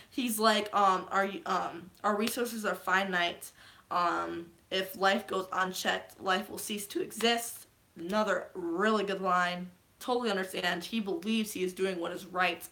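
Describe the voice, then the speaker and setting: A woman's voice: mid-range voice, fairly even intonation, a little slow, pushed and bright. A woman vlogger casually recapping a movie, rambling and gushing, with lots of fillers.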